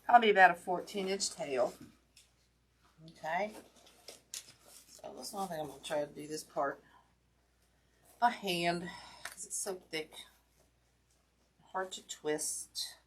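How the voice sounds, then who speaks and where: A woman's voice: fairly low pitch, unhurried, pauses often, a little hiss or hum. Chatty woman hosting a craft stream. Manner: chatty, talks to viewers directly, self-deprecating. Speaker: wreath-making class host. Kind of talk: casual live-stream craft demo.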